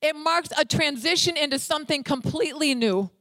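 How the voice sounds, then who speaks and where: A woman delivers a sermon in a voice pitched a little high, pressing hard on single words, repeating them and spelling them out. The sound is dry, with no room around it. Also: a little fast, hardly any pauses, a bit bright, no room sound. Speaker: preacher.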